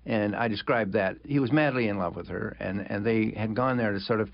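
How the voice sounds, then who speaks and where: Older man with a gravelly low voice. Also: no echo. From United States. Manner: reflective, halting with many restarts and chuckles. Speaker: author being interviewed. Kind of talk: conversational interview. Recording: dull lo-fi sound.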